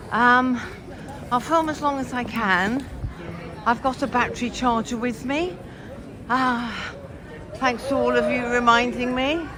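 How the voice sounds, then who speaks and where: An older woman in her sixties records a chatty vlog on a city street, her voice rising and falling a lot as she goes. She speaks slowly and gets a little breathless while walking. Traffic and street noise are clearly heard behind her. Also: on the high side. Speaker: vlogger. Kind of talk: casual vlog to camera. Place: busy street outdoors in the city.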